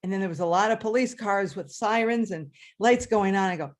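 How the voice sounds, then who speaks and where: A woman who was a third grade teacher, telling a personal story live to an audience with dramatic pitch leaps. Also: fairly quick, hardly any pauses. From New York area. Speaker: storyteller, retired-style schoolteacher.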